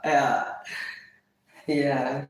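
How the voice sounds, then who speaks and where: A woman's voice: rumbling low, flat delivery, far from the mic. Blunt foul-mouthed woman in an echoey room. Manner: blunt, profane, quick to laugh. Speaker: livestreamer. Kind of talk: casual livestream chat.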